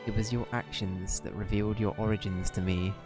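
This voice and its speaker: A man's voice: fairly low pitch, steady tone, fairly quick, close to an everyday voice. A man reading the lines of a formal, wise older male sage aloud, with game music behind. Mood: grave.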